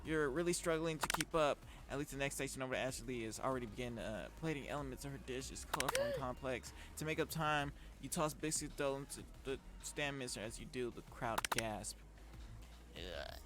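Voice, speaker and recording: A man's voice: medium pitch, sing-song, moderate pace, heavy background noise. A man streaming a dating-sim game, reading the text aloud and reacting with laughter and lots of fillers. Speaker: gaming streamer.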